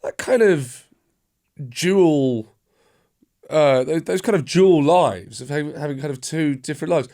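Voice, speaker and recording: A man's voice: a little high, expressive, measured pace, dark tone. Hesitant, rambling male podcast host. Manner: hesitant, rambling questions with many restarts. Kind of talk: casual interview chat.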